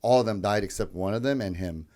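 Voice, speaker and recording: Young adult male podcast co-host, slightly low voice, easygoing and chatty. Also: quick pace, a crowd in the background. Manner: loose, chatty, lots of "like" and "yeah". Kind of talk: casual storytelling chat.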